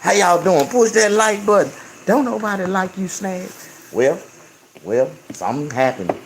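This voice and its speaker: A man in his fifties talking loudly and casually to his viewers while eating, rambling and preaching between bites and humming over his food. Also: sits high, lively intonation, normal speed, noisy background. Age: 50s. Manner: loud, preachy, with rambling riffs; chews and hums with food in his mouth. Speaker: YouTube vlogger.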